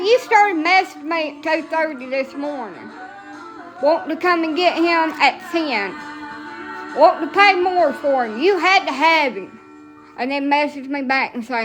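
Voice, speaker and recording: A middle-aged vlogger from Alabama chats casually and ramblingly in a Southern accent, blunt, salty and profane, often laughing at herself. Her high voice has lively intonation, normal speed and a slightly bright quality. Soft music plays in the background.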